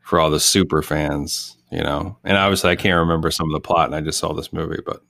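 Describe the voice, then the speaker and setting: A man with a very low voice chats casually about a movie. He rambles, circles back, and restarts his thoughts, all in a dry, close-miked sound. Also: steady tone, fast, creaky, a bit bright, no room sound. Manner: rambling, loose, self-interrupting. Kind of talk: casual movie podcast chat.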